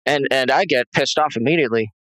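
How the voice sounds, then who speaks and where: A male interview guest with a mid-range voice talks fast, his tone a bit bright, in a rough, dry, close recording with no echo. He recounts a personal story in a tense, agitated way, rambling with many restarts and fillers.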